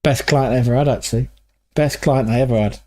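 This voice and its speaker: A man's voice: medium pitch, steady tone, fast talker, dark tone. Sweary English man hosting a stream. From England. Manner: rambling, sweary storytelling. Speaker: livestream host. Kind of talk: casual chat.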